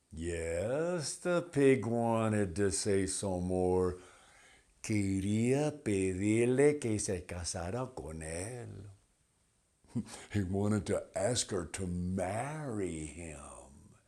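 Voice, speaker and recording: Guy telling a folktale super slow, lively ups and downs, gravelly. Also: fairly low pitch. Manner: animated, deliberate, mixes in Spanish phrases. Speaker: storyteller. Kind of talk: bilingual folktale storytelling.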